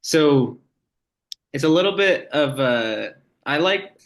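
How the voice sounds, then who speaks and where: A man's voice: on the high side, expressive, takes it slowly, a little hiss or hum. A man in a casual language lesson chat, easygoing and explaining sounds with simple examples.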